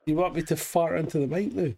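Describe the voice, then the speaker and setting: A man's voice: a little high, fairly even intonation, fast, vocal fry, mellow, slightly rough. A man co-hosting a casual live stream chat, joking in an offhand way. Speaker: co-host.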